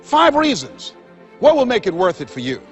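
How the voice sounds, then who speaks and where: A man's voice: very high voice, huge pitch swings, moderate pace, lo-fi sound. A man giving a motivational speech to an audience, emphatic and preacherly, with rhythmic repetition. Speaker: motivational speaker. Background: faint background music.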